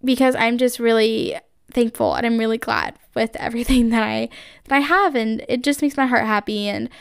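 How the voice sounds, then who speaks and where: A woman's voice: on the high side, fairly even intonation, normal speed, creaky, clear, resonant tone, dry recording, studio quality. Chatty young woman podcast host. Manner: chatty, gushing, heavy use of like and um. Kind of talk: casual solo podcast chat.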